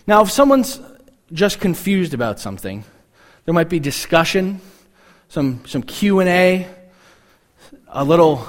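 A man's voice: on the high side, sing-song, unhurried. A man preaching a casual, conversational sermon, often acting out the reactions of listeners in short quoted asides. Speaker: pastor.

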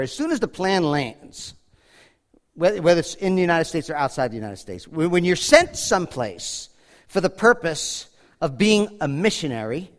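A man's voice: high voice, a bit bright. A man preaching a sermon as pastor, in an earnest, conversational way with frequent restarts. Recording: long hall reverb.

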